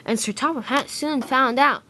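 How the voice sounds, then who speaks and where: A woman's voice: high voice, moderate pace, pushed and bright, slight background noise. A woman narrating an improvised toy-train story, restarting words as she goes.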